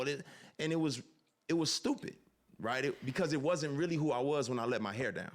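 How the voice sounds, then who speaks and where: A man on a podcast earnestly reflects on authenticity and tells personal stories in an animated way. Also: mid-range voice, fairly quick. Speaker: podcast guest. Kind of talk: reflective storytelling.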